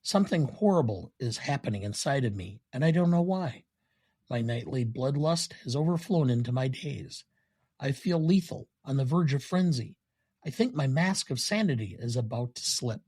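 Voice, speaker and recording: A vain, cold-blooded male yuppie killer, delivered in a flat, deliberate read by a man quoting a film on a podcast. The voice is husky and breathy, set at a middling pitch for a man. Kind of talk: reading film quotes aloud.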